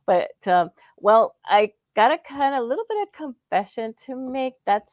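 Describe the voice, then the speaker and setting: Female podcast co-host, chatty, laughs a lot, lively pitch, dry sound. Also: no echo, highs cut off. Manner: chatty, laughs often, quick reactions. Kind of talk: casual chat.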